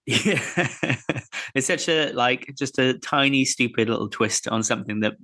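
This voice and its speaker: A man's voice: mid-range voice, measured pace, dry recording, studio quality. Easygoing male guest who laughs often. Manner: laughs often, relaxed and rambling. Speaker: podcast guest, teacher. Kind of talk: casual chat.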